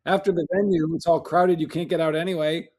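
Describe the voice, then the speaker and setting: A man co-hosting a podcast, telling stories in an animated, easily amused casual chat. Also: on the high side, a little fast. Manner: animated storyteller, laughs easily. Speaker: podcast co-host.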